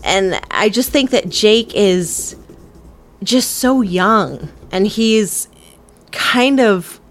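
Thirtysomething woman cohost, animated, cusses, keeps restarting sentences, mid voice. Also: medium pitch, drawn-out words. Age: 30s. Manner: animated, swears, trails off and restarts. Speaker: podcast co-host. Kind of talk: casual movie discussion.

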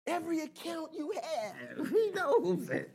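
A man in his fifties preaching a sermon, building to emphatic shouted bursts and dropping into playful asides. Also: extremely high pitch, big pitch swings, unhurried, vocal fry. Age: 50s. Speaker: pastor.

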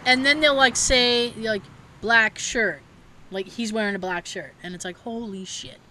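A young woman from Massachusetts co-hosts a podcast in casual chat, telling stories, acting out quotes and laughing often. Her voice is a little high, bright and forceful at a normal speed, with slight background noise.

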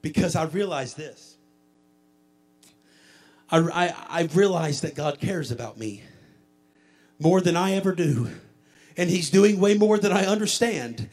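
In a church sanctuary, a high-pitched male pastor preaches a sermon and leads an altar prayer at a measured pace with long pauses, building into a chanted, shouted preaching cadence.

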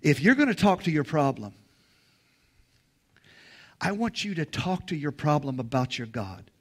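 A man preaching a sermon in a church, leading the congregation in call-and-response and rising to loud, emphatic peaks. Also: fairly high pitch, very animated, moderate pace. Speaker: pastor. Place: church sanctuary. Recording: music playing behind.

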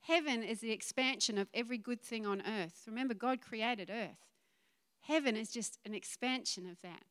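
A woman preaching in a relaxed, conversational way. Her voice sits a little high and sounds smooth and clear. She drops into excited quoted voices and laughs easily. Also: moderate pace. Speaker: pastor. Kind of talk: sermon.

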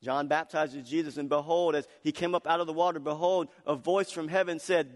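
A male pastor preaching in a church, his slightly higher voice carrying a long hall reverb. He tells stories animatedly, laughing, then drops to a hushed, intimate tone for scripture. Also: brisk, few pauses. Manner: animated storytelling with laughs, swinging loud and soft. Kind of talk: sermon.

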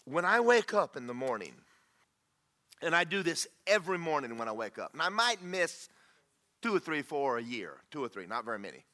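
A middle-aged man preaching a folksy sermon. His voice is bright and fairly high, and his pitch swings widely as he moves from homespun stories into fervent prayer. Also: very animated, fairly quick. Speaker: pastor.

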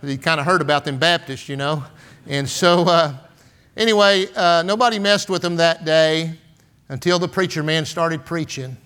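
A pastor in his 60s from San Antonio, Texas, gives a folksy storytelling sermon packed with fillers like "and, uh" and "man." His fairly high, fairly bright voice is clear and resonant, moving at a moderate pace.

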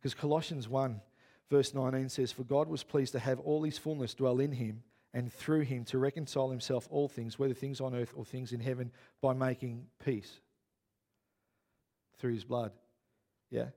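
A man, a pastor preaching a sermon in a chatty storytelling way that grows loud and worked up. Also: medium pitch, fairly even intonation, normal speed.

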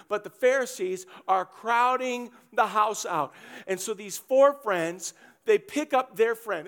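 A man with a bright, high voice preaches a sermon. He tells the story casually and jokes as he goes, slipping into little character voices for a line or two. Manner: humorous storytelling, acting out characters in quick asides. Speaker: pastor.

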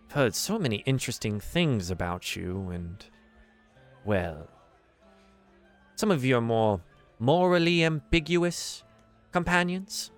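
A man's voice: medium pitch, expressive, faint music behind. A man voicing a suave old adventurer. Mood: measured. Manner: smooth, courteous, measured. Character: suave retired male adventurer, faction contact.

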